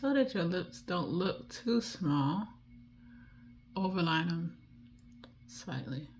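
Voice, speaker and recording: A woman from D.C. with a D.C. accent, chatting casually and rambling while she does her makeup, with soft muttered asides. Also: lowish voice, expressive, slow pace, slight background noise. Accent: Washington, D.C. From Washington, D.C. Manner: rambling, chatty, drifts off topic. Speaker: beauty vlogger.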